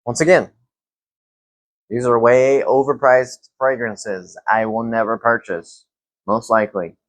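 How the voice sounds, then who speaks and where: A young man reviewing fragrances in a casual vlog, relaxed and rambling with lots of fillers. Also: medium pitch, measured pace, no room sound.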